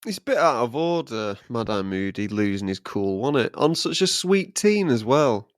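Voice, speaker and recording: A man's voice: medium pitch, sing-song, moderate pace, dry recording, clean studio sound. A man co-hosting a podcast in casual, jokey chat, rambling with plenty of fillers. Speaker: podcast co-host.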